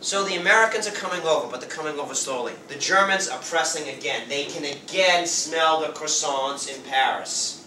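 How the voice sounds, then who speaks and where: Lively man lecturing in a roomy classroom. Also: on the high side, slight background noise. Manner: lively, acts out quick voices of nations and leaders. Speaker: high school history teacher. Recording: roomy classroom sound from far off.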